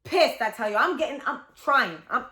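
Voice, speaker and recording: A woman in her thirties telling a candid storytime confession, animated, dramatic and blunt, with lots of profanity. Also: sits high, moderate pace, roomy sound. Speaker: storytelling vlogger.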